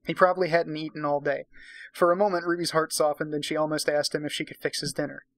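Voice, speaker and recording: A man's voice: on the high side, flat delivery, fast, fairly bright tone, no room sound. A man giving a drunken dramatic reading of a romance novel, breaking off for profane, sarcastic asides. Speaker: reader and commentator.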